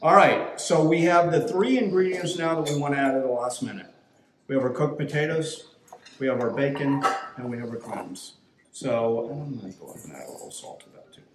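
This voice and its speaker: A man's voice: medium pitch, a little fast. A man from Switzerland cooking at home, casually explaining each step with dry teasing. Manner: easygoing, instructive, dry teasing. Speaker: home cook. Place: home kitchen. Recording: echoey kitchen with loud noise.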